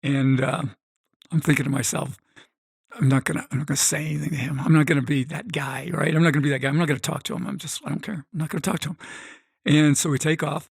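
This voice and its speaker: A middle-aged man tells a story with animated energy, jumping into the voices of the people he quotes. His voice sits a little high and has a gravelly edge, and the sound is dry and close. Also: fast talker, no room sound. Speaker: guest, gambling expert. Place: podcast studio.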